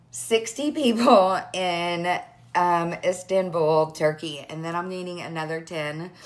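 Tearful, gushing woman on a live video. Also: sits low. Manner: gushing, excited, rambling. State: tearful, overwhelmed. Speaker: direct sales team leader. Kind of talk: emotional live video to followers.

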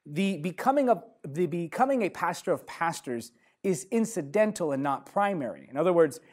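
A young adult man, a pastor, teaching a sermon with lively, emphatic stresses. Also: fairly high pitch, normal speed. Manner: emphatic, lively preaching with sudden loud stresses.

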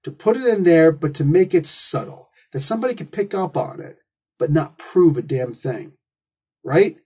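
A man's voice: a little high, expressive, normal speed, warm tone, husky. A man hosting a comic book review, talking in a casual, opinionated monologue full of rhetorical questions and asides.

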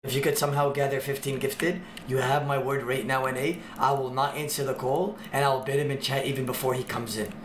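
A man livestreaming, joking with his chat in loud, swearing banter. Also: mid-range voice, flat delivery, fairly quick, hardly any pauses, echoey room, a little hiss or hum.

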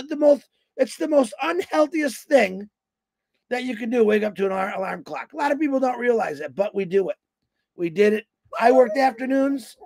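High-voiced, gravelly man in his fifties. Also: dry recording. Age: 50s. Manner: folksy, storytelling, acts out quoted voices. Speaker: motivational speaker on a company livestream. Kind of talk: rambling motivational talk.

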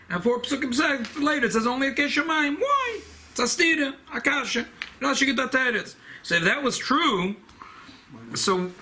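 Animated, bright-voiced rabbi teaching a class. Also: male voice, a little high. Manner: animated and emphatic, repeats key phrases. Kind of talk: classroom Torah lecture. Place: study hall classroom.

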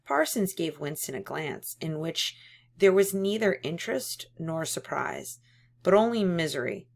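Woman, audiobook reader, measured narration, low voice with fry. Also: lively intonation. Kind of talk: reading a novel aloud.

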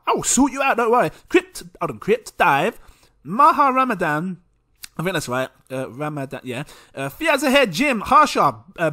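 A man hosting a crypto channel, chattily reading out a long list of names for shout-outs, stumbling over them, correcting himself and laughing easily. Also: very high voice. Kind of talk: casual video shout-outs.

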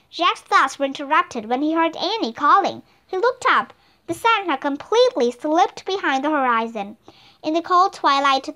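A woman narrates a children's story with animated expression. Her voice sits high and moves a great deal in pitch. The delivery is clear storytelling. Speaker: reader. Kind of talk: audiobook narration.

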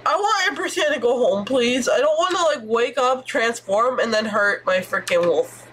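Sex: woman. Style: excitable gameplay streamer. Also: fairly high pitch, normal speed, a little hiss or hum. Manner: excitable, swearing, exclamatory, chatty. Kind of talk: live gameplay commentary.

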